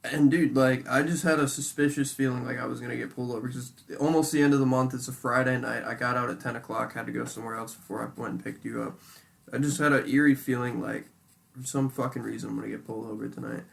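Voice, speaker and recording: Gravelly-voiced man ranting casually. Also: medium pitch, fast. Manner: animated, heavy swearing, says "dude" a lot. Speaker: podcast co-host. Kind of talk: casual chat.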